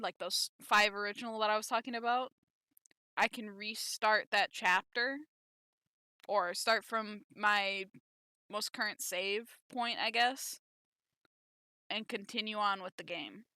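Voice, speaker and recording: A woman's voice: mid-range voice, sharp tone, clear, resonant tone, no echo. A woman giving casual, chatty gameplay commentary, self-deprecating and laughing often. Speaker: game streamer.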